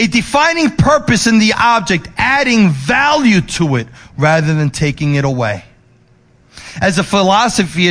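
A male pastor preaching, moving between emphatic raised lines and soft, low ones, with restless repetitions and restarts. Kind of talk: sermon.

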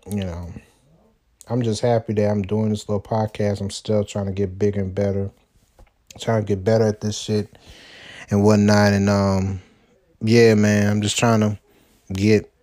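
A man talks through his own solo podcast in an easygoing, rambling way. His voice sits at an ordinary middle pitch, and he keeps padding his thoughts with "you know" and "man". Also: a little mellow. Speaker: podcast host. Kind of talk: solo casual podcast chat.

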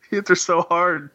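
A man's voice: high-pitched, no room sound, highs cut off. A man co-hosting a casual podcast, laughing as he eagerly retells scenes. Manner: laughs while talking, animated retelling. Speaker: podcast co-host. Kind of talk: casual chat.

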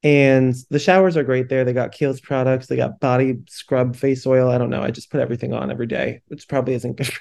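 A man's voice: mid-range voice, little pitch movement, a little fast, vocal fry, hardly any pauses, a little mellow. A young man hosting a podcast, telling a candid, self-deprecating story in casual talk, swearing freely and often laughing at himself. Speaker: podcast host.

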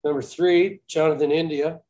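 A man's voice: on the high side, steady tone, moderate pace, dark tone. Male co-host, dry teasing, casual cursing, reads numbers in clipped runs on a podcast mic. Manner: dry teasing, rattles off stat lines, swears casually.

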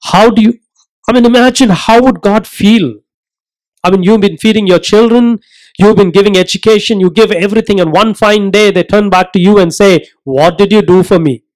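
A man preaching a sermon, earnest and emphatic, asking rhetorical questions and slowing down to stress his points. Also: high voice, steady tone, rough recording.

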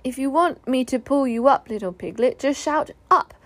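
A woman voicing a gloomy old male donkey who mutters slowly in a low, grumbling way, reading a storybook. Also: animated. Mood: instructing.

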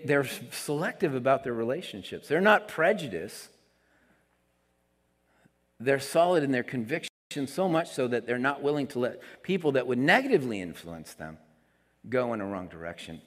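A male pastor giving a conversational sermon, moving between quiet asides and emphatic declarations. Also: mid-range voice. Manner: conversational preaching, swings between soft asides and emphatic lines. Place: church sanctuary. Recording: long hall reverb.

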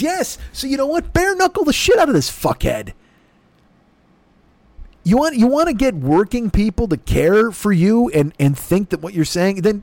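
A man's voice: a little mellow, dry recording. A man, the host, delivering a heated, profane comedic political rant. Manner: heated, profane, sweeping swings in pitch.

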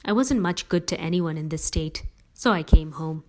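A woman's voice: deep voice, moderate pace, slight background noise, lightly acted. A woman voicing a tired, protective middle-aged father in a read-aloud story, speaking earnestly and firmly.

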